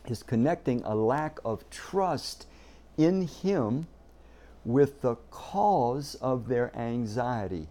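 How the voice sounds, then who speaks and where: A man preaching a sermon, earnest and emphatic, often doubling a word as he starts a thought. His voice is warm and mellow in tone, with pitch in a middling range for a man. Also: animated, slow. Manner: earnest, emphatic, repeats words when starting sentences. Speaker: pastor.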